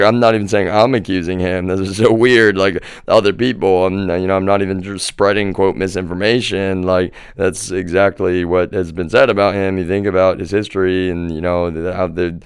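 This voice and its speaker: In studio-quality audio without room sound, a man with a deep, smooth voice talks briskly and steadily, barely pausing. He's livestreaming from home, giving viewers a profane, agitated monologue and saying "y'all" again and again.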